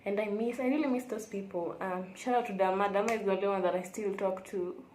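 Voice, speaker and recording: Young woman, candid vlogger chatting alone in a roomy-sounding hotel room, mid pitch. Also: steady tone, fast, a little mellow, slight background noise. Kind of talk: casual confessional vlog chat.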